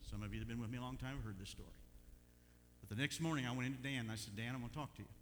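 A middle-aged man preaching a sermon, telling folksy stories with bursts of loud emphasis. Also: medium pitch, racing. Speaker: pastor. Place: church sanctuary. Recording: long church hall reverb, faint hum.

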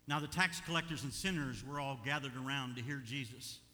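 An older man preaching a sermon as pastor, animated, moving between quiet asides and loud urging. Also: medium pitch, fairly quick, in a large hall.

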